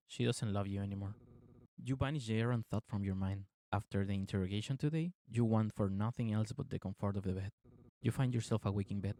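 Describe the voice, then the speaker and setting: A man's voice: fairly low pitch, mellow. A young man hosting a gaming video, reading the story narration evenly and chatting upbeat between scenes. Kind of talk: game narration and commentary.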